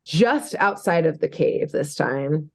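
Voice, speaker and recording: A woman's voice: deep voice, expressive, slow. A young woman co-hosting a podcast, recapping a cartoon episode in casual, chatty talk full of fillers and laughter. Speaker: podcast co-host.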